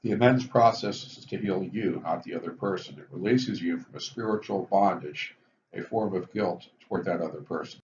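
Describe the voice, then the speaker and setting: A man explaining the twelve recovery steps in a measured, explanatory lecture, stressing each step heading. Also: sits low, a little mellow. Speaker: physician teaching addiction recovery. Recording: dull lo-fi recording with faint hiss.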